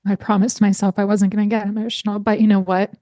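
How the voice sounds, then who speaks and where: Warm-toned earnest woman podcast host. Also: medium pitch, flat delivery, dry recording, studio quality. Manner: earnest, heartfelt, guides slow breathing. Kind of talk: podcast monologue.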